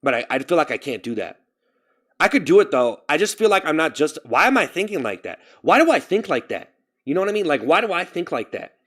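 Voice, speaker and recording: On a casual live stream, a man vents in a self-pitying way about feeling like a failure, rambling and repeating himself. His voice is fairly high and bright, very animated, and brisk.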